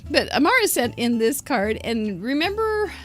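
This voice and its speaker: Chatty higher-voiced woman crafter. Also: big pitch swings, normal speed, faint music behind. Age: older. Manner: chatty, giggly, thinking aloud. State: out of breath. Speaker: craft show host. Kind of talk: live crafting show chat.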